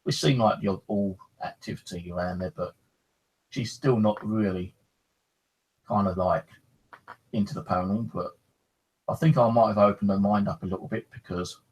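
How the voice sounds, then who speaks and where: A man's voice: fairly low pitch, slightly rough, rough recording. A man casually telling a rambling first-person story about a ghostly experience, swearing now and then. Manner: rambling, animated, swears freely. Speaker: paranormal storyteller.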